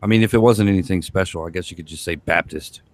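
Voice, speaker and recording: A man's voice: low-pitched, fast talker, no echo. A young man playing a tabletop game, asking wry, politely phrased questions. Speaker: player. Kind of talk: tabletop role-play chat.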